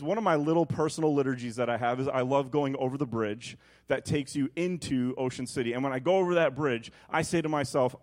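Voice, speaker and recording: A man in his thirties preaching, his voice dropping low and soft for reflection, then rising loud and high as he tells a family story. He is an animated storyteller with a lively pitch. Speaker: pastor. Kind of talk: sermon with personal story.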